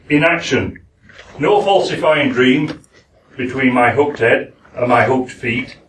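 A man's voice: medium pitch, a bit bright, slight background noise. A proud, ruthless hawk, recited by a Yorkshire man. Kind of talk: poetry recital. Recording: echoey room, speaker far from the mic.

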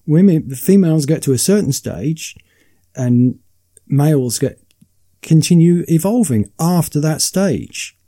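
Man with a soft, very mellow, somewhat high voice; stammers and repeats words in casual talk. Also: expressive, a little slow. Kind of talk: casual podcast chat.

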